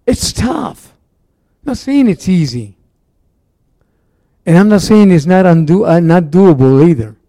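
A man with a fairly high, mellow voice preaches in a loose, folksy way. He leans on fillers and restarts as he talks to his congregation. The sound is dry and close. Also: lively intonation, measured pace, long pauses, no echo. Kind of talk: casual conversational sermon.

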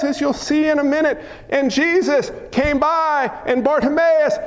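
A man's voice: extremely high pitch, normal speed. A man preaching a sermon as a dramatic story, with repeated lists and rhetorical questions, sometimes dropping to a whisper. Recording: long hall reverb.

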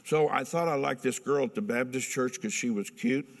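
An older man from Ohio, USA, gives his personal testimony candidly and earnestly, chuckling now and then. His voice is mid-range and creaky at a normal speed, and the recording carries a long hall reverb.

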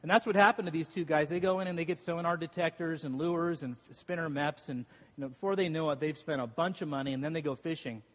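A man's voice: a little high, quick pace. A man preaching a sermon as a pastor, telling stories with self-deprecating humor and frequent laughs. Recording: long reverb of a large hall.

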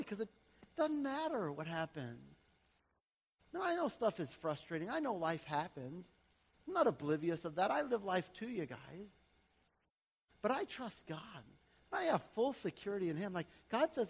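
A man in his thirties or forties, a pastor preaching a sermon to his church in a conversational way that swings between quiet, chatty asides and loud, emphatic passages. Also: sits high, very animated, normal speed. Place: church sanctuary. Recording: long hall reverb.

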